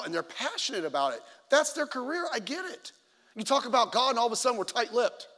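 A man with an unusually high voice delivers an animated sermon, jumping between loud, punchy exclamations and quiet asides. He tells stories and acts out other people's lines. His voice rings with a long reverb off the walls of a large church hall. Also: quick pace. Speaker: preacher.

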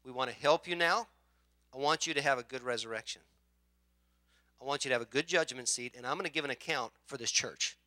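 A man preaching a sermon as pastor, telling a story with acted-out voices and swinging from quiet asides to loud shouts. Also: medium pitch, a little fast, no room sound.

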